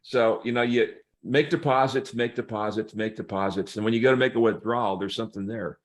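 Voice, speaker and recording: A man, a pastor, telling humorous stories in a relaxed chat, laughing as he acts out the people in them. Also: fairly low pitch, a little fast. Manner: humorous, laughing storyteller, acts out quoted voices. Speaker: pastor and guest. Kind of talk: casual storytelling chat.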